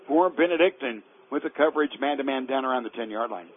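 A man's voice: medium pitch, lively intonation. A man calling live college football play-by-play from the press box, rising and stretching his words when a big play breaks. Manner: rises sharply and slows on big plays. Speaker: play-by-play announcer. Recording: tinny phone-line radio broadcast.

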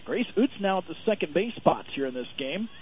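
A man calling a softball game as a radio play-by-play announcer from behind home plate, steady and informative, loud and high on big plays. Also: a little fast. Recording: phone-like lo-fi radio feed with faint noise.

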